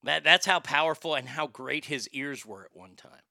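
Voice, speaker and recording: A man's voice: on the high side, animated, normal speed, gravelly, sharp tone, no echo, studio quality. A man, the show's host, telling a long personal anecdote in a casual, profane, conversational way with frequent restarts.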